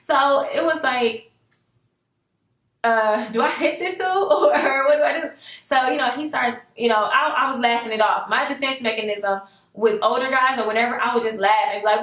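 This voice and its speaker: A young woman telling a casual storytime, animated and sassy, laughing often and jumping into high voices for quotes. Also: fairly quick, roomy sound. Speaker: storyteller vlogger.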